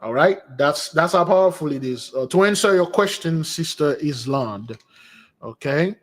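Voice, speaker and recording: A man with a fairly high voice hosts a casual spiritual stream. He tells rambling stories and answers viewer questions, restarting sentences often. He jumps his voice even higher to act out the women he quotes. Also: moderate pace.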